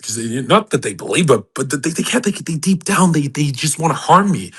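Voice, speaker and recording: A man hosting a live audio chat, ranting in a brash, profane way and swinging between loud outbursts and low mutters. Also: lively intonation, brisk, hardly any pauses, husky. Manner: mocks people in put-on voices.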